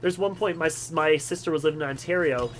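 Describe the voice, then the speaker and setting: A man's voice: fairly high pitch, quick pace, poor audio. A young man with a slightly raised voice talks over his gameplay. He rambles through family stories in a loose, chatty way and laughs often. Faint game music plays underneath. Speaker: gaming channel host. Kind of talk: game commentary with personal stories.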